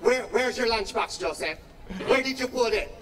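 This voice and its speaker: A man in his fifties putting on his mother, yelling endless demanding questions at her young son on a comedy stage. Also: normal speed, background noise. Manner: shrill repeated demanding questions. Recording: distant stage mic, roaring crowd.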